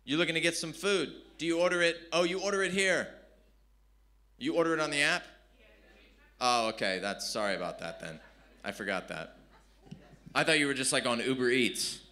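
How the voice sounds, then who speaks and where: A man's voice: on the high side, animated, moderate pace, pauses often, sharp tone. A man from San Diego, performing brash, profane stand-up with crowd work at a live comedy venue. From San Diego, California.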